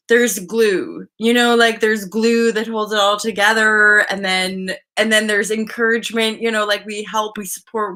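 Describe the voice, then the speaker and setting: A woman's voice: mid-range voice, pushed and bright. A woman hosting a live stream, chatting casually in a rambling way and greeting viewers by name.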